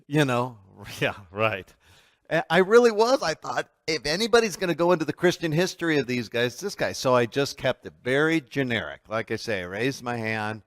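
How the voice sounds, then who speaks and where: Male church class teacher, mid-pitched, emphatic, animated storyteller, dry close sound. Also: moderate pace, no room sound. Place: church meeting room.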